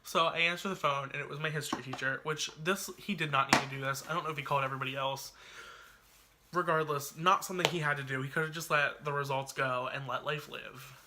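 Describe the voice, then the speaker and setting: A man's voice: fairly high pitch, fairly even intonation, quick pace, heavy background noise. A man telling a personal story on his vlog in a chatty, dramatic way, full of "like" and asides. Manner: chatty, dramatic retelling peppered with "like". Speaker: YouTuber.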